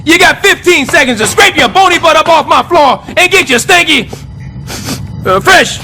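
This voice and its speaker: A man voicing a brash, scheming middle-aged building superintendent in a cartoon, loud and sarcastic. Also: very high voice, lively intonation, normal speed, heavily acted. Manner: loud, sarcastic wisecracking, jumps between growls and squeals. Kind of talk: stop-motion cartoon voice acting.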